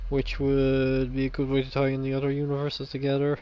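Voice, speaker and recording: Guy rambling about game ideas, kinda monotone, humming noise and cars in the back. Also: medium pitch, fairly quick. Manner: rambling, thinking aloud with restarts. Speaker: video game fan vlogger. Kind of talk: casual chat, pitching game ideas.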